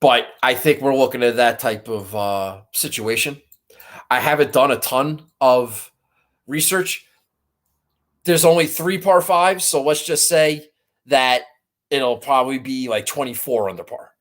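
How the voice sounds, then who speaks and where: A man's voice: mid-range voice, measured pace. A man hosting a golf betting show, talking in a rambling, profane, frustrated way. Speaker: golf betting podcast host. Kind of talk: casual chat.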